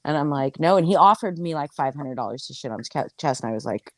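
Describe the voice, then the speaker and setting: A woman telling a crude anecdote in casual chat, animated, swearing and full of fillers. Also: low voice, quick pace, dry recording. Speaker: storyteller.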